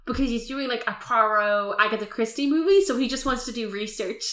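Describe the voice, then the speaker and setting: Podcast co-host, woman, casual and rambling, slightly high voice, echoey room. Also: brisk, fairly bright tone. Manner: chatty, rambling, swears casually. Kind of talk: casual film review chat.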